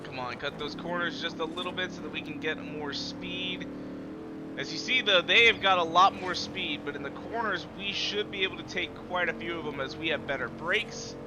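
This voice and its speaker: A man's voice: a little high, normal speed. A man giving live, profane commentary on his racing gameplay, trash-talking rivals as he drives. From United States. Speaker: streamer. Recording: loud game engine noise underneath. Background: racing game car engines.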